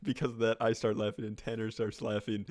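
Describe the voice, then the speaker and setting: A man's voice: lowish voice, flat delivery, fast, a little mellow, no room sound, clean studio sound. A young man co-hosting a podcast, telling a story in rambling casual chat and laughing as he goes. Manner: rambling, laughs through his story, many restarts. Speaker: podcast co-host.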